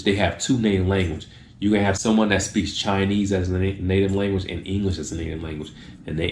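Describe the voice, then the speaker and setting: A man with a very low voice talks casually to the camera, sharing tips and now and then acting out a short exchange. The room is echoey, with a faint hiss under the voice. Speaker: video host giving tips.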